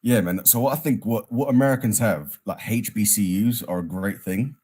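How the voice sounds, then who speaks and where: A man's voice: lowish voice, moderate pace, mellow, breathy edge. A young British man calling in to a live show, talking in a rambling way with lots of "like". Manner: rambling, many "like" fillers. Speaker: caller. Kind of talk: casual call-in chat.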